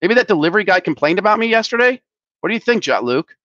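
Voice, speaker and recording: A man's voice: high-pitched, big pitch swings, fast talker, a bit bright, no echo, lo-fi sound. A man co-hosting a casual live stream, worked up and ranting, swearing, with many restarts and repeated words. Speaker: show co-host, company head.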